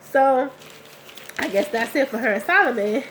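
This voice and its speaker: A young woman recaps a TV episode from her couch at home, talking in a loose, slangy, chatty way. She is under the weather, so her voice comes out a bit rough. A faint hiss sits under the recording. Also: sits high, lively intonation, moderate pace, a bit bright. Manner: chatty, slangy, reacting with laughs and asides. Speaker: TV recap vlogger.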